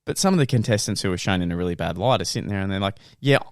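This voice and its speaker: A young man co-hosting a podcast, telling stories in an animated way, laughing and swearing casually. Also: deep voice, rapid-fire, dry recording, studio quality. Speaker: podcast co-host. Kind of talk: casual chat.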